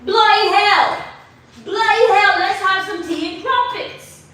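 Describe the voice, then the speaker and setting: A woman putting on an exaggerated mock British accent, playing a brash tea-loving character who swears loudly. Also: takes it slowly, full character voice. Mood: boisterous. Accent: put-on mock British. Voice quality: exaggerated, swearing, high and loud. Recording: echoey room from far off.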